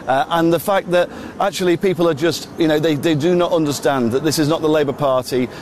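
A man speaking as a political guest on radio, measured, with many hesitant fillers. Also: on the high side, a little hiss or hum.

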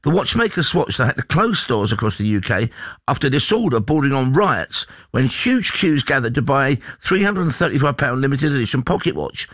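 Male radio co-host from England, quick and rambling, close dry studio sound. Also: mid-range voice, sing-song, fairly bright tone, no room sound. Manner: chatty, rambling storyteller, reads news items aloud. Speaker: radio presenter. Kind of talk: casual breakfast radio chat.

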